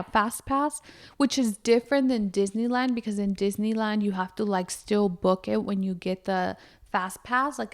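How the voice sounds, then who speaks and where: A young woman hosting a podcast, chatting casually with lots of fillers and addressing her listeners directly. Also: mid-range voice. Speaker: podcast host. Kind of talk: casual chat.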